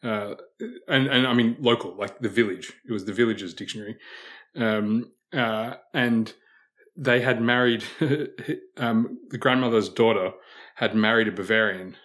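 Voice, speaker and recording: A man's voice: on the low side, a little slow, a bit bright. A man in a casual group chat, telling an anecdote in a chatty, wry way with small chuckles. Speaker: podcast panelist.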